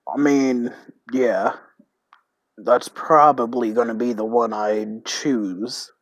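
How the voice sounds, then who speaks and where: A man streaming a text role-playing game, reading it aloud haltingly and thinking out loud about his choices. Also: medium pitch, steady tone, dry recording, low-quality recording.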